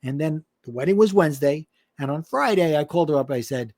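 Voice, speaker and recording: Animated middle-aged man telling a story. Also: fairly high pitch, quick pace. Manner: animated, acts out quoted voices. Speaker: guest, life and business coach. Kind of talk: storytelling in a podcast interview.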